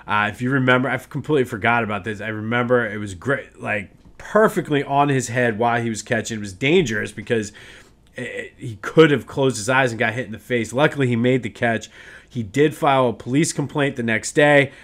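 A man's voice: medium pitch, brisk, a bit bright. A man hosting a casual solo sports podcast, ranting in a worked-up way with many restarts.

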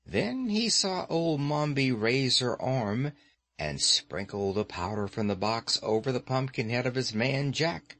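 A man narrating an audiobook with lively, expressive storytelling. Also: mid-range voice, dry recording. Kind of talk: scripted narration.

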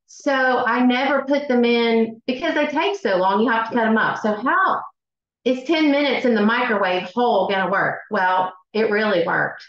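A middle-aged woman with a Southern US accent hosting a live cooking class, chatty and excitable, with many fillers. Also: fairly high pitch, normal speed. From Southern United States. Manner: chatty and excitable, many ums, says y'all. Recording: echoey room, dull lo-fi sound.

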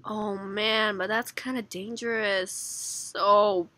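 A young woman hosting a reaction video, gushing and giggling with excitement. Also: mid-range voice, slow, background noise.

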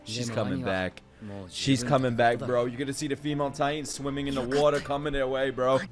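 A young man hosting an anime reaction, excitable and crude, swearing a lot and bursting into shouts. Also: mid-range voice, fairly quick, over music. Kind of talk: live reaction commentary.

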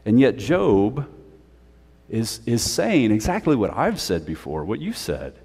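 A male pastor preaching a sermon in a conversational, animated way, with playful asides. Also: fairly low pitch, unhurried, vocal fry, breathy edge, big-room sound. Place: church sanctuary.

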